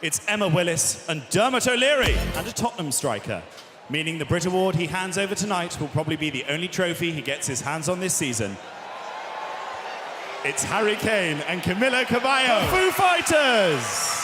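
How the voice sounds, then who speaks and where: Brief: man, awards-show host, brash stage jokes, slightly high voice in a booming hall. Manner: brash, projecting to a crowd. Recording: echoey arena with long reverb and noise.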